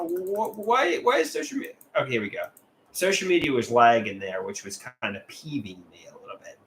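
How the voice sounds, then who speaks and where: Guy on a casual livestream, kinda high voice, bouncy up and down, reads out chat comments candidly. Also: a bit bright, slight background noise. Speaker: livestreamer sharing artwork.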